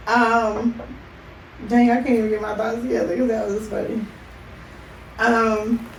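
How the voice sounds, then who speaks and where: This is a woman chatting with her partner on a podcast, her voice sitting a little high. She tells stories with lively energy and laughs freely. The mic is set back in an echoey room, with a faint hiss underneath. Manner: animated storytelling with frequent laughter. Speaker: podcast co-host. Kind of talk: casual couple chat. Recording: roomy, distant mic, faint noise.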